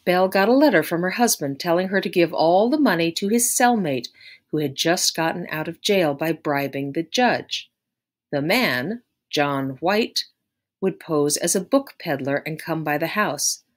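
A woman narrating a story aloud in a measured, expressive way. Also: on the low side. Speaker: audiobook narrator.

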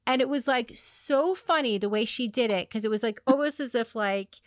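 A woman hosting a podcast, telling a long story in a rambling way, with many fillers and restarts, laughing at her own dark humor. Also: fairly high pitch, moderate pace, no echo, studio quality. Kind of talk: casual conversational storytelling.

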